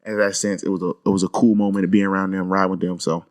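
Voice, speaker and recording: A man's voice: deep voice, little pitch movement, fast. A young man co-hosting a podcast in casual chat, telling a story emphatically and swearing freely as he vents. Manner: emphatic, profane, venting storyteller. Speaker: podcast co-host.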